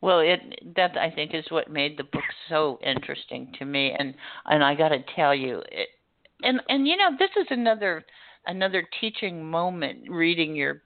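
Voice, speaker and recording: Enthusiastic radio host, raspy-gravelly tone; dry, phone-like sound. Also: medium pitch, lively intonation, normal speed, no room sound. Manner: chatty, enthusiastic, stumbling restarts. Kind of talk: radio interview. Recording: tinny dry phone-like audio.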